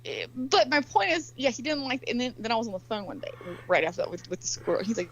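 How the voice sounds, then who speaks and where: A woman telling stories in casual chat, animated and swearing freely as she acts out quotes. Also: fairly high pitch, fast, lo-fi sound, slight background noise. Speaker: guest.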